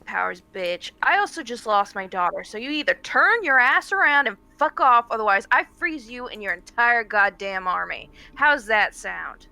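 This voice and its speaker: A woman's voice: on the high side, expressive, moderate pace, creaky, hardly any pauses, sharp tone, dry recording, voice pushed down, exaggerated voice, rough recording. A woman voicing a furious spellcaster who swears and threatens to freeze an army. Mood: threatening. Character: furious woman spellcaster who just lost her daughter.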